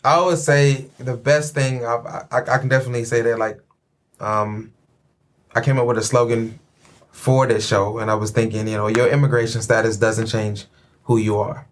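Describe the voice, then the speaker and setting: A man's voice: mid-range voice, steady tone, normal speed, a little hiss or hum. A man hosting a podcast, chatting in a laid-back, joking way and often repeating himself. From Chicago. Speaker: podcast host. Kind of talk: casual chat.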